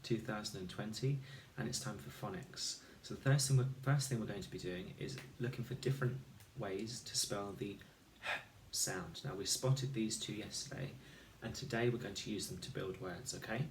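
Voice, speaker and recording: A man teaching a recorded phonics lesson for children, speaking slowly and clearly and sounding out each letter and word. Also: on the low side, slight background noise. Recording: echoey room, voice a little far from the mic.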